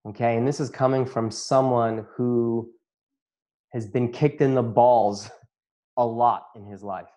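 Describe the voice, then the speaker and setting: A man's voice: medium pitch, steady tone, measured pace, dark tone. A man who works as a chiropractor and facilitator, giving an earnest, emotional personal testimony to an audience and often breaking into laughter.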